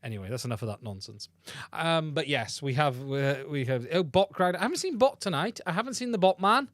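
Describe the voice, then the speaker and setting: Running a relaxed livestream, this man chats away, pokes fun at himself, and frequently says things twice. His slightly high voice moves a little fast with lively intonation, and it sounds dry and close with no echo, captured on a studio mic through a podcast mixer.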